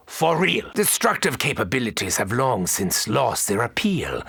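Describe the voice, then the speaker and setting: Mad scientist doctor, video game voice lines, manic and sardonic, husky, gravelly, wildly swinging pitch. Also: male voice, bright, forceful tone, heavily acted. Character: unhinged theatrical male mad scientist doctor.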